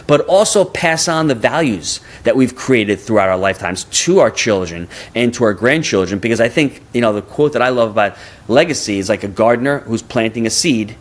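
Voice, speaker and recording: A man's voice: mid-range voice, expressive, fairly quick. A man in his fifties, a guest on a podcast interview, talking energetically and often repeating words as he builds a point. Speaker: guest, real estate investor.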